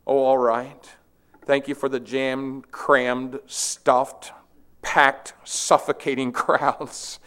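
A man's voice: medium pitch, flat delivery, very slow, a bit bright, clear, resonant tone. A man voicing a tired woman prisoner who doubts and sounds exasperated.

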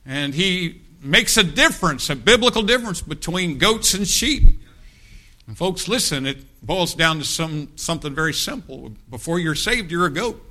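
Man preaching, very bright tone, slightly high voice, folksy, joking. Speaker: pastor. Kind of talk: sermon. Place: church sanctuary. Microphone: church microphone.

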